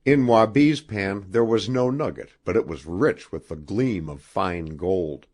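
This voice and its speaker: A man reading an adventure novel aloud as an audiobook narrator, with expressive storytelling. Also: low-pitched, unhurried. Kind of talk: scripted narration.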